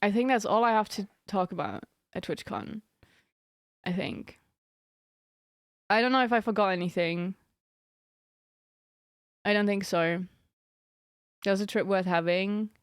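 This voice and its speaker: A woman's voice: medium pitch, measured pace, pauses often, smooth, no echo. Giggly young woman streamer, dry sound. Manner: giggly, rambling storytelling. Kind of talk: casual chat with stream viewers.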